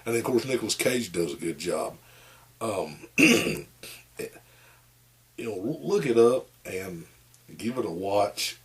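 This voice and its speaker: A man's voice: fairly low pitch, animated, slow, long pauses. A man, giving a rambling, folksy movie review with lots of fillers. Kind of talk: casual rambling monologue.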